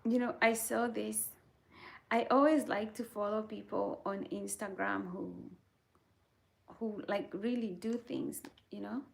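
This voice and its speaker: A woman hosting her channel in a casual motivational chat, reading viewer comments and often checking in with "right?" in a soft, breathy near-whisper. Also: mid-range voice, steady tone, a little slow. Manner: earnest, repeats "right?" and "okay?" to check in with viewers. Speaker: channel host.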